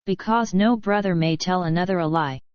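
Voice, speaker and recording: A woman reading the lines of a cool-headed young male outlaw who answers with quick, dignified defiance, in a dull lo-fi recording. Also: on the low side, no echo, lightly acted.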